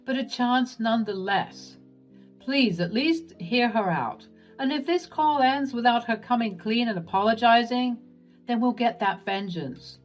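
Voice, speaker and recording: Woman voicing a calm, coaxing young husband. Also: a little high, measured pace, soft background music.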